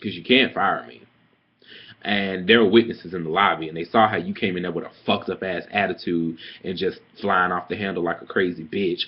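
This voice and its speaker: A man's voice: sits low, breathy edge. A young man telling a story about a petty coworker in a sassy, profane, dramatic rant, like a casual vlog. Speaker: vlogger. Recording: dull lo-fi webcam audio.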